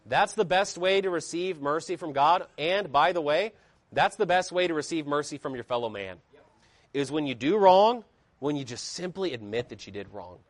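A man's voice: a little high, animated, moderate pace, no room sound. A man preaching a sermon with emphatic, rising and falling intensity, reading scripture aloud in old-style wording.

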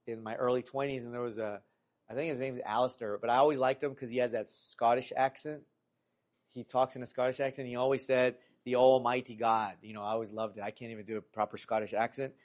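A middle-aged man preaching a sermon in a conversational way, with many fillers and restarts, rising in pitch and volume when he reads scripture aloud. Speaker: pastor.

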